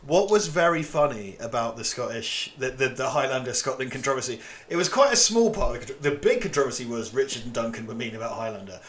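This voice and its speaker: A man's voice: mid-range voice, expressive, fast, few pauses, fairly bright tone. A man from England chatting casually as co-host of a livestream, rambling, swearing and laughing often.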